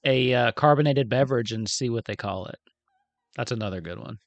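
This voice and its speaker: A man's voice: mid-range voice, a little fast, gravelly, no room sound, dull audio. A man playing a tabletop game, teasing and laughing and passing on comments from chat. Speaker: player.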